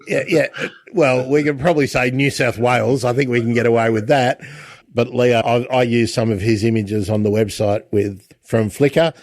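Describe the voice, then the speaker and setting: A man hosts a relaxed interview, chatting in a halting way full of restarts and repeated words. His voice sits in a middle pitch and sounds close and dry, with no room around it. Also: dry recording. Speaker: podcast host. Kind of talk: casual interview.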